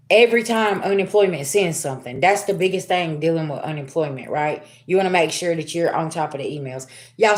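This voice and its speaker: A middle-aged woman talks through a casual spiritual reading, speaking straight to her viewers and calling them y'all. Her voice sits in a middle pitch, and her delivery is loose and chatty with frequent laughter. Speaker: spiritual reader. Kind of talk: casual tarot reading livestream.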